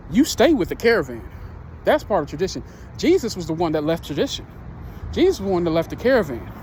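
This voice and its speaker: A man with a high-pitched voice preaches a sermon in an earnest, halting manner, circling back on his words as he tells a story. Faint street and traffic noise sits underneath. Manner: earnest, repetitive storytelling with restarts.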